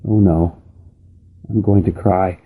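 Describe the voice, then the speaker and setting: A man's voice: sits low, fairly even intonation, slow pace, breathy edge, narrow, tinny audio, exaggerated voice. A man reading aloud, voicing an earnest young girl in a plain, matter-of-fact way.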